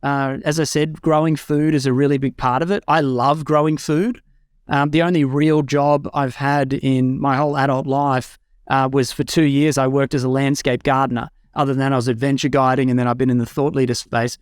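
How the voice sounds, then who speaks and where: A man's voice: mid-range voice, flat delivery, a little fast, smooth, no room sound, studio quality. A young adult man talking casually and enthusiastically as a guest, with frequent fillers and restarts. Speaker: guest speaker. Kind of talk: casual talk. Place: home in a rural eco-village.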